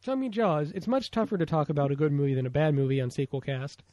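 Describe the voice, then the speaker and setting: A man's voice: a little high, fast, dark tone, no room sound, muffled recording. An American man co-hosting a casual movie podcast, rambling with lots of fillers. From United States. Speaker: podcast co-host.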